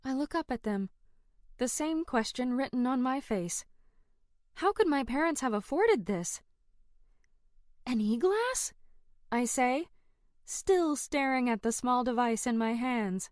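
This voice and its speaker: A woman narrating a first-person fantasy audiobook in an expressive, dramatic way. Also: high voice, measured pace, clear, resonant tone, dry recording, studio quality.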